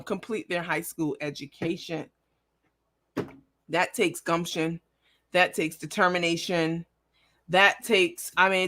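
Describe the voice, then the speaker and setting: A woman's voice: medium pitch, pushed and bright. A woman hosting a casual livestream, brash and profane, talking straight to her viewers. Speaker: livestream host.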